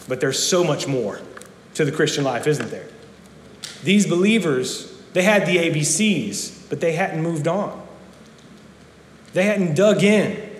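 A man's voice: a little high, slight background noise. A man giving a sermon as a pastor, earnest and given to repeating words as he speaks. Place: church sanctuary. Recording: echoey church hall with long reverb.

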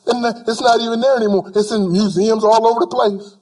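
A man's voice: sits high, steady tone, brisk, darkish tone. A male preacher delivering an emphatic sermon, repeating phrases for weight and acting out imagined people in casual speech.

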